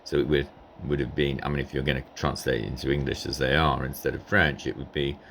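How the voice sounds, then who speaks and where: A man's voice: very deep voice, flat delivery, fast, gravelly, fairly bright tone, slight background noise. A man casually commenting over a recording of a strategy game, rambling and hesitant with many ums and asides. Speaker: gameplay commentator.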